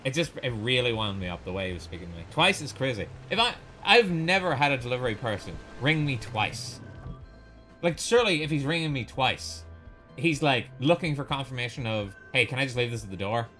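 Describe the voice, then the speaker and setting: A young man with a bright, forward voice talks over a game at his desk mic, swearing freely and rambling through an exasperated rant. Faint game music sits underneath. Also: medium pitch, big pitch swings, fairly quick. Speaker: streamer. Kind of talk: casual gameplay commentary and ranting.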